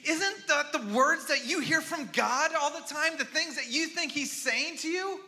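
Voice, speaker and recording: Bright-voiced preaching pastor, loud to hushed. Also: male voice, very high voice, unhurried, few pauses. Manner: swings from loud urgent pleading to quiet hushed storytelling. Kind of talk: sermon.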